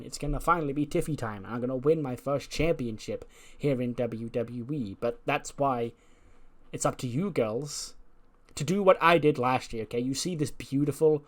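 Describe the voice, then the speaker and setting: A man's voice: medium pitch, moderate pace, close to an everyday voice. A man voicing a bubbly, self-absorbed young female wrestler in a game playthrough, talking in a sing-song, vain way.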